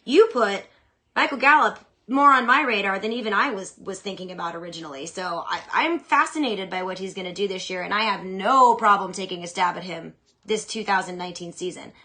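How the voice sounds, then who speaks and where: Bright-voiced, chatty woman host. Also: medium pitch. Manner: chatty, opinionated, animated, with quick asides. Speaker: fantasy football podcast host. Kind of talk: casual solo chat answering listener questions.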